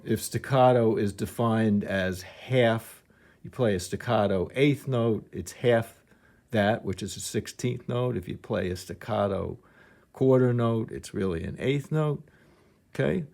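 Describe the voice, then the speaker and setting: A man's voice: lowish voice, a little slow, vocal fry, a little mellow. A man teaching piano technique, explaining patiently and thinking aloud, with some restarts as he demonstrates.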